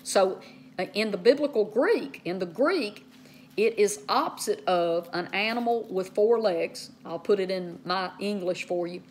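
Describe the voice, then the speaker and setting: A woman's voice: mid-range voice, lively intonation, a little hiss or hum. Woman teaching Bible in easy chat. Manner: conversational, spells out words, frequent "okay" and "uh"; slows down to stress key words. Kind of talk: casual Bible teaching to camera.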